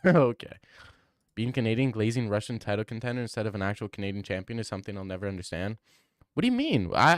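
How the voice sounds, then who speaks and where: A man's voice: medium pitch, no room sound, studio quality. A young man streaming, reading chat aloud and reacting in casual, slangy talk, often saying bro. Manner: laughing, slangy, says bro a lot.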